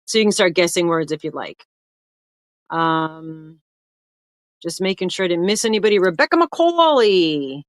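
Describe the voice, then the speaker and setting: A woman's voice: fairly low pitch, animated, unhurried, pauses often, no room sound, studio quality. Chatty older woman hosting a livestream. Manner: chatty, greets viewers by name, rambling. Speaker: livestream host. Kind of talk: casual livestream chat.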